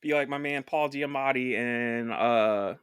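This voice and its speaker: A man's voice: mid-range voice, a little slow, a bit bright, clear, resonant tone, no room sound, studio quality. A man co-hosting a casual film podcast, joking, swearing and laughing a lot. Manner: joking, profane, laughs often. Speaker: podcast co-host.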